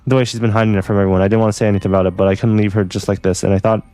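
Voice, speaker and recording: A man reading the lines of a calm, polite ghost boy from a visual novel. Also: on the low side, very fast, close to an everyday voice. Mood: concerned.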